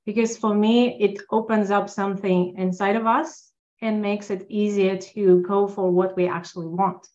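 A woman's voice: medium pitch, normal speed. Upbeat woman with a muffled lo-fi sound. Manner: enthusiastic, upbeat, animated storytelling. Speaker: podcast guest, tax accountant. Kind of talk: casual interview talk.

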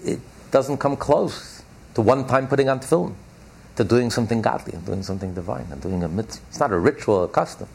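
Gravelly man, husky tone, emphatic Torah class teacher who repeats his points slowly. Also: mid-range voice, darkish tone. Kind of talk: explaining a text in a class.

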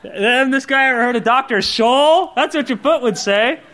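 High bright guy preaching, jokey and conversational. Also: moderate pace, slight background noise. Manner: animated, conversational, jokey asides. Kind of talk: sermon.

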